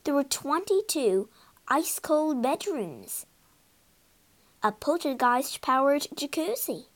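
Woman storyteller, high and lively voice, slow measured pace, dramatic storybook delivery. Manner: expressive, dramatic reading. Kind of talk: storybook narration for learners.

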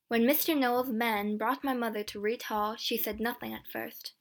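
A woman reading a storybook aloud in a clear, steady first-person narration. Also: a little high, moderate pace, hardly any pauses.

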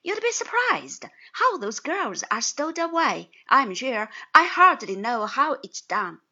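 In a full character voice, a woman plays a cheerful young man, a newly married lawyer, who is earnest, chatty and eager and sometimes slips into confidential tones. Her voice is high-pitched, slow, pushed and bright with a breathy edge and big pitch swings, and the audio is slightly dull.

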